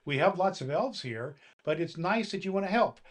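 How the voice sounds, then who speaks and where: Here the Santa Claus figure sits high in pitch, with lively intonation and a moderate pace. He tenderly reads a children's tale and speaks to the boys and girls who are listening.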